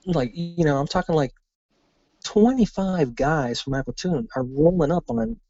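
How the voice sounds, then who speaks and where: With a somewhat high voice at a measured pace, this former soldier recounts a story on a podcast, the audio sounding dull. He's animated and profane, voicing the quoted dialogue of each character as he goes.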